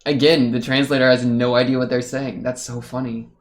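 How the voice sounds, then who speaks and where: A man's voice: mid-range voice, level tone, a little fast. Chatty young man reacting to anime. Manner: chatty, laughs often, rambling asides. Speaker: reaction streamer. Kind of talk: casual anime reaction commentary.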